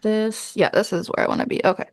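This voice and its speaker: A woman's voice: medium pitch, fairly even intonation, fast, no room sound, clean studio sound. A woman co-hosting a livestream in casual chat, matter-of-fact and wry. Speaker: livestream co-host.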